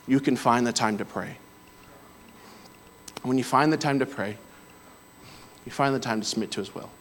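A preacher telling personal stories in a sermon, breaking into loud exclamations. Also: male voice, mid-range voice, normal speed, a little hiss or hum. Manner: storytelling, swings to loud exclamations. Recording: hall reverb.

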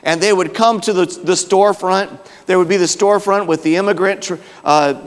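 Brief: a conversational male preacher with a somewhat high voice who drops low to make a point, with long hall echo. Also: brisk. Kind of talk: sermon.

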